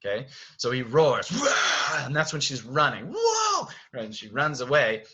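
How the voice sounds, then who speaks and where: Directing actors from his home, a man chats through the stage blocking, sings out music cues, and keeps asking "okay?". He's a theater director with a medium-pitched, brisk, bright and forceful voice, heard over poor audio with a little hiss or hum.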